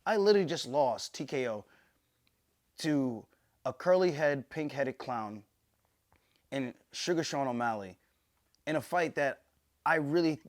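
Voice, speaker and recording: A man's voice: medium pitch, animated, measured pace, pauses often, no echo, clean studio sound. A man, a pro fighter hosting his own show, giving emphatic, opinionated casual commentary to camera and swearing casually.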